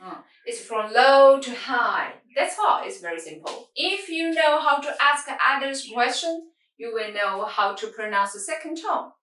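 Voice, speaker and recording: Patient woman teaching tones, slow pace, echoey room off-mic. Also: high voice, sing-song, a bit bright, recorded from a distance. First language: Mandarin Chinese. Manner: patient, simple non-native English, sings out tone demonstrations. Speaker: Mandarin teacher. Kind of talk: language lesson.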